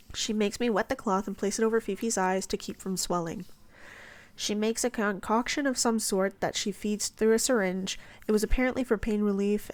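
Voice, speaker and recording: A woman reading a first-person story aloud as an audiobook narrator, softly, sometimes sinking into a breathy whisper. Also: medium pitch.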